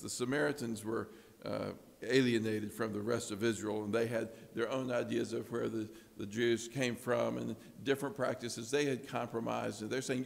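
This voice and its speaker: A man preaching an expository sermon, earnest and swinging from hushed tones to emphatic ones. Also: medium pitch, fairly even intonation, moderate pace, vocal fry. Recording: long reverb of a large hall.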